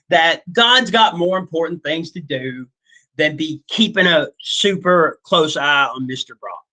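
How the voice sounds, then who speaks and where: A man's voice: fairly high pitch, pushed and bright, rough recording. A male teacher giving a casual classroom lecture, chatty and full of fillers, often checking in with "okay?".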